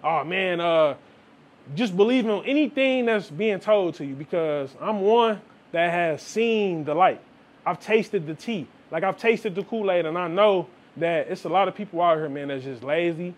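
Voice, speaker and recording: A man's voice: on the high side, normal speed. A young adult man, giving a casual, preachy motivational talk to viewers and often calling them "man". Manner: preachy, repeats "man" and "like", quotes people in asides. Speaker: vlogger.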